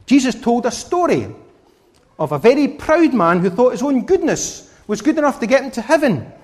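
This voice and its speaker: A man's voice: very high voice, normal speed. A man preaching a children's sermon who asks the children questions and coaxes answers from them. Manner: animated, questioning the children directly. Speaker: preacher giving a children's talk.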